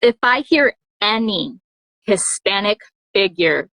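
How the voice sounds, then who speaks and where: A woman hosting a podcast, relaxed and quick to laugh, sharing short personal anecdotes. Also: mid-range voice, dry recording, poor audio. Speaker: podcast host. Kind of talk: casual conversation.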